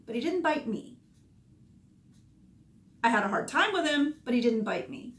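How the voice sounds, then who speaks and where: A woman's voice: on the high side, fairly bright tone. A woman, a dog groomer candidly recounting past events in short, emotional bursts. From Georgia, USA. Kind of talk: personal storytelling. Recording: echoey room.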